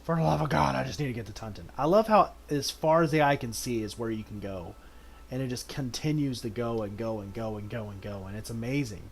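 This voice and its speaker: A man streaming a video game in casual commentary, reading the game's text aloud and breaking into sudden excited outbursts. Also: mid-range voice, fairly quick, creaky, a little hiss or hum.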